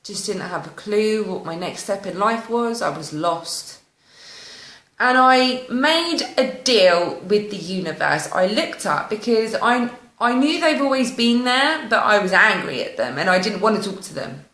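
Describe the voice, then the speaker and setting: A woman's voice: mid-range voice, sing-song, unhurried, a bit bright. A woman telling her own story in a raw, candid and emotional way, swearing freely. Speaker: spiritual vlogger. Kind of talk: personal confessional storytelling. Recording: roomy echo.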